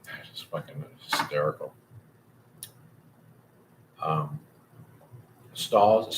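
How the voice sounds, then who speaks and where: Man, livestream host, low voice, rambling casual chat, swears a lot, faint room hum. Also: measured pace, pauses often.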